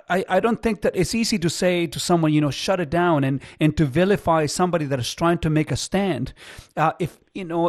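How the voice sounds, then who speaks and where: A man hosting a call-in radio show from a studio microphone, earnest and halting, with many fillers. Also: on the high side, dry recording. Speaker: radio talk show host.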